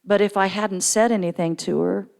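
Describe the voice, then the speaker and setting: A middle-aged woman giving a storytelling sermon in church, jumping into lively character voices for quoted people. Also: normal speed, creaky. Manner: animated storyteller, acts out quoted voices with big pitch jumps. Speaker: guest speaker at church. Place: church sanctuary.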